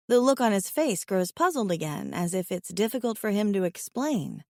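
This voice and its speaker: Woman narrator, mid-pitched, slow, wry; dry close-mic audiobook read. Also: no echo. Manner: expressive, wry inner monologue. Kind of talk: first-person romance audiobook narration.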